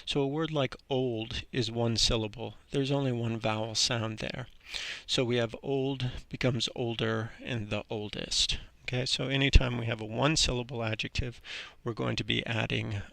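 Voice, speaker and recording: A man teaching an English grammar lesson in a relaxed, halting way, with frequent ums and restarts. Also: mid-range voice, creaky, dry recording.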